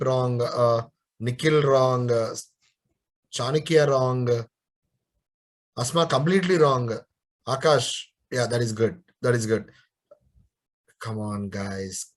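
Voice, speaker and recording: A young man teaching a live online coding class, scolding and encouraging students and repeating his questions. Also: mid-range voice. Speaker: programming teacher.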